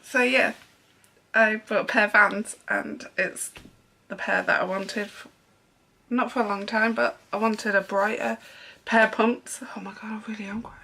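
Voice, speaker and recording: Slow, bright-voiced woman vlogging. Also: mid-range voice, fairly even intonation, vocal fry. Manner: chatty and rambling with frequent ums. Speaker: sewing vlogger. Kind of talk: casual haul vlog chat.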